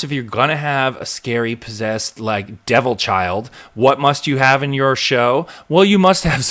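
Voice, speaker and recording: Rambling, animated male live show host. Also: mid-range voice. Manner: rambling, animated, acts out quotes. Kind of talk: casual live recap chat.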